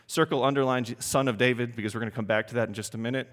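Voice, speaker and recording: A man's voice: medium pitch, racing. Emphatic male preacher in a reverberant hall. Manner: animated, emphatic, asks the congregation questions. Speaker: pastor. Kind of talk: sermon.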